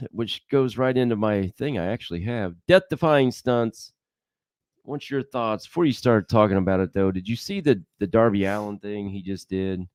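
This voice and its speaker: A man co-hosting the show, asking relaxed follow-up questions and steering the conversation. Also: mid-range voice, smooth, no echo. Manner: relaxed, easygoing questioner who laughs along. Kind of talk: casual interview chat.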